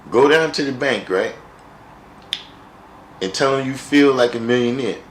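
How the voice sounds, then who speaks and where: A man's voice: mid-range voice, unhurried, echoey room, slight background noise, low-quality recording. A man hosting a live stream, chatting casually with viewers in a wry, joking way and often repeating himself.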